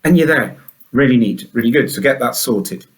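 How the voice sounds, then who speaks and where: A man's voice: medium pitch, animated, normal speed. A man hosting a school announcements show, upbeat and chatty, full of enthusiasm.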